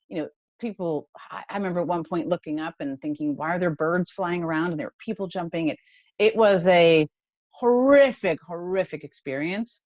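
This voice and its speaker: Interview guest: woman, low voice, dull dry recording, emotional storyteller. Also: no room sound. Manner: emotional, animated retelling with laughs. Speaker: podcast guest, company founder.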